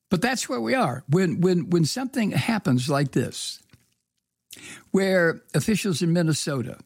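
A man with a gravelly, husky voice gives solo political commentary, reading the news and then tearing into it with profane sarcasm. He talks in a halting, indignant way, full of fillers and restarts. The sound is dry and close to the mic. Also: mid-range voice, darkish tone, no echo. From from the US state of Georgia.

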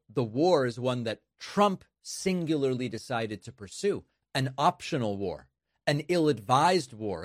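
Man, political commentary, sarcastic, mid-pitched, dry close sound. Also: no room sound. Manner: sarcastic, mocking impressions. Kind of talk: commentary on news clips.

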